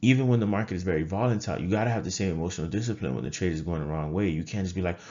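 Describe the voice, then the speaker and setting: A man's voice: sits low, very fast, warm tone, dull audio. A man who is a nurse and trading coach gives a motivational talk to camera. He is emphatic and repeats phrases for effect.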